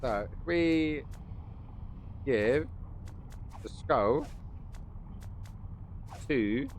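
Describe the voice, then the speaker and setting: A man's voice: fairly high pitch, sing-song, very slow, creaky, darkish tone, a little hiss or hum. A man giving casual, rambling live-stream commentary while playing a game, joking with his viewers. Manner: rambling, jokey, chatting to viewers.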